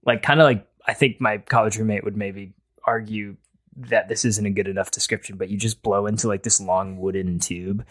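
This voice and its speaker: A man's voice: lowish voice, fairly even intonation, moderate pace, a bit bright. A man co-hosting a casual comedic chat, rambling and hesitant with a playful edge. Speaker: podcast co-host.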